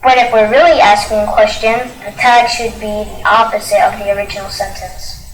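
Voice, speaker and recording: A woman's voice: medium pitch, steady tone, brisk. A woman reading the learner part in a scripted course dialogue, asking questions and summing up the rules. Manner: inquisitive, summarizing. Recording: roomy echo.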